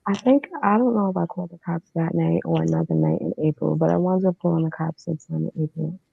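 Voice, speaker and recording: A woman's voice: low voice, steady tone, quick pace, vocal fry, breathy edge, no echo, soft background music. A woman telling her own story as a guest, in a candid, matter-of-fact way with casual fillers. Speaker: podcast guest. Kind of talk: personal storytelling. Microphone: remote streaming setup. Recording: dull lo-fi online stream.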